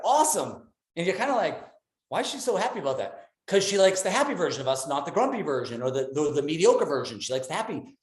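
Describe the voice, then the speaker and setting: A middle-aged man speaks with a slightly higher voice than most men and gives an upbeat motivational talk on a live call. He is enthusiastic and animated and slips into quick voices for the quotes he acts out. The room around him is echoey.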